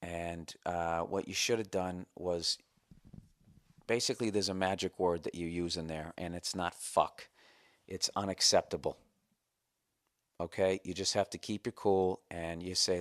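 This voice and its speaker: A man's voice: deep voice, fairly even intonation, measured pace, long pauses. A man in his forties hosting a podcast, ranting profanely in a casual comedic monologue and reading his own letter in a mock-formal tone. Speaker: podcast host.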